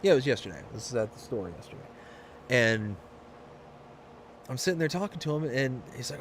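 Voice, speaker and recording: A man's voice: medium pitch, sing-song, a little fast, pauses often, a little hiss or hum. A man from Michigan hosting a live game stream, chatting casually and rambling through stories with frequent restarts. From Michigan, USA.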